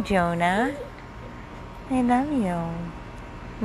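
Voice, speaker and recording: A woman's voice: fairly low pitch, lively intonation, extremely slow, pauses often, darkish tone, slight background noise. A woman, a dog rescuer, filming one-handed on her phone at home at night, cooing to her dogs in sing-song baby talk and chatting casually to viewers. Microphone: handheld phone, filmed one-handed.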